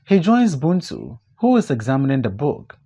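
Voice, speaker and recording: A man narrating stage directions for an audiobook of a play, measured and descriptive. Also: medium pitch, wildly swooping pitch, dark tone, slightly rough.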